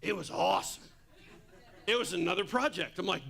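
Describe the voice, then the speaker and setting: A man's voice: high-pitched, sing-song, brisk, vocal fry, sharp tone. A man preaching a sermon at church in a casual, joking way, with asides to the congregation. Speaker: pastor.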